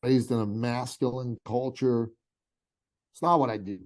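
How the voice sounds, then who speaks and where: A middle-aged man from Iran, a guest on a podcast interview, tells a story in an animated, heartfelt way, tossing in casual asides to the host. His voice is warm and mellow, sitting at an ordinary pitch for a man. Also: measured pace. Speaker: podcast guest, business coach.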